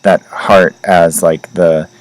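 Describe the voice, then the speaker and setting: A man's voice: low voice, fairly even intonation, slow, dry recording, rough recording. A man hosting a podcast in loose, rambling casual chat, full of "like" and "you know", with light laughs between points. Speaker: astrology podcast host.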